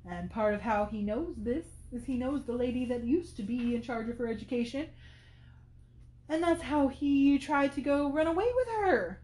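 A woman's voice: high voice, animated, normal speed, darkish tone, roomy sound. A woman hosting a podcast, talking through a classic novel in casual commentary, thinking aloud with many fillers. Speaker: podcast host.

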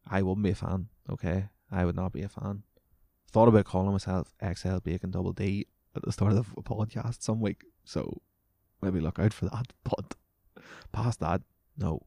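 A man's voice: sits low, creaky, mellow, no echo. A man hosting a casual solo podcast, sweary and sarcastic, his voice wearing out. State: voice going. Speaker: podcast host.

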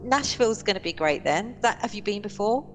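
A woman's voice: medium pitch, animated, brisk, in a large hall, music in the background. A woman interviewer asking questions in a casual chat, hesitant, with frequent ums.

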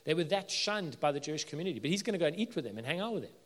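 A man's voice: animated, racing. Man preaching in a reverberant hall. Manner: earnest, builds to emphatic peaks then drops low. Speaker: pastor. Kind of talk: sermon.

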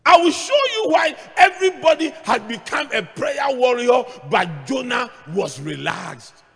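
A middle-aged male pastor preaching a sermon, moving between hushed asides and shouted points as he tells stories. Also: extremely high pitch, animated, measured pace, gravelly, slightly rough. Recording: long hall reverb.

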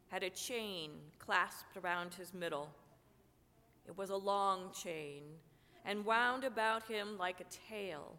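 A woman pastor preaching a sermon while fighting a cold, in a slow, measured, prayerful way. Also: mid-range voice, sharp tone. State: has a cold, coughing. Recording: long church reverb.

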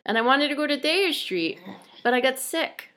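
A woman's voice: high voice, lively intonation, moderate pace, a bit bright. A middle-aged woman from Rhode Island co-hosting a podcast in casual chat, rambling and hesitant, often laughing. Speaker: podcast co-host, mother.

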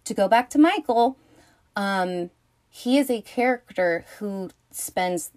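A woman hosting a podcast, talking through a film in a rambling, casual monologue full of fillers and restarts, swearing freely and breaking into excited outbursts. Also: mid-range voice, takes it slowly. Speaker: podcast host.

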